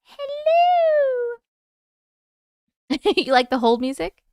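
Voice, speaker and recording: A woman in her thirties hosts a livestream, chatting playfully with viewers and reading their stories aloud. Her high, expressive voice moves at a normal speed, with a fairly bright, clear, resonant tone. The recording is dry and studio quality.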